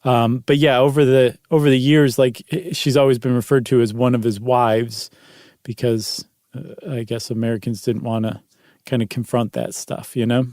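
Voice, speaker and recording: A man's voice: mid-range voice, fairly even intonation, moderate pace, a little mellow, dry recording. A man co-hosting a podcast in casual chat, easygoing with dry teasing and frequent ums. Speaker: podcast co-host.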